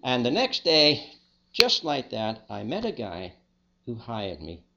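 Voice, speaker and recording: An older man with a Liverpool accent, telling his own life story as a testimony in a plain, unhurried, reflective way. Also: mid-range voice, huge pitch swings, bright, forceful tone, lo-fi sound. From England. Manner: plain, unhurried, with small restarts. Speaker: speaker giving a personal testimony.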